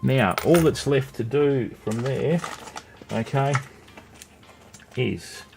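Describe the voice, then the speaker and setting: Gravelly Australian man demonstrating by hand. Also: medium pitch, takes it slowly, background noise. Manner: chatty, greets viewers while working with his hands. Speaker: live-stream host. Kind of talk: casual live-stream demo.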